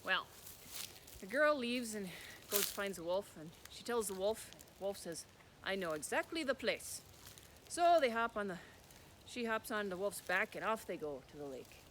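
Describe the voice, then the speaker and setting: A man telling a folk tale as a storyteller, animated, with sound words. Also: high-pitched, normal speed, a little hiss or hum.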